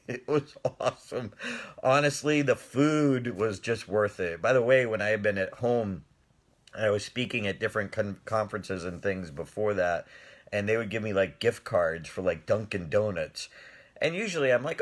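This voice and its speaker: Middle-aged man, lowish voice, animated live-stream storyteller who laughs a lot. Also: normal speed. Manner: animated, laughs often, talks to viewers' comments. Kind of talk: casual storytelling.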